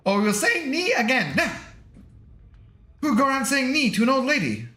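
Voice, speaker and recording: A man voicing assorted pompous male British knights and peasants in a deliberately bad put-on British accent, high and theatrical, in an echoey room with faint music. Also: huge pitch swings, sharp tone, full character voice. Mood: hammy. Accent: put-on British English.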